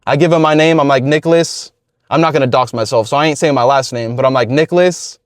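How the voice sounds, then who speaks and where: A man in his twenties telling a story from his life in a relaxed, slangy, profane way. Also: mid-range voice, very fast, no echo, studio quality. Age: 20s. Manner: laid-back, profane, slangy. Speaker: YouTuber. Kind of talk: casual storytelling vlog.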